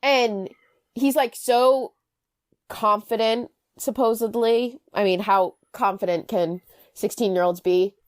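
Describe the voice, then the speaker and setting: A young woman co-hosting a podcast in casual chat, animated, with quick asides and self-corrections. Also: on the high side, dry recording, studio quality. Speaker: podcast co-host.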